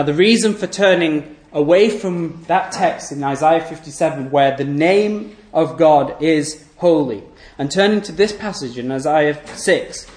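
A man's voice: fairly high pitch, darkish tone, reverberant. A man preaching a sermon, emphatic, building through long lists with rising force.

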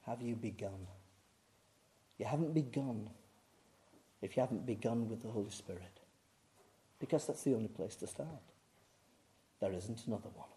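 A man preaching a sermon, swinging from booming emphasis to hushed, intense delivery.

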